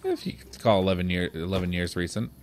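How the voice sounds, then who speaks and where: A man's voice: sits low, fast, soft background music. A man co-hosting a let's play, chatting casually with dry, teasing corrections. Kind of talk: casual gameplay commentary.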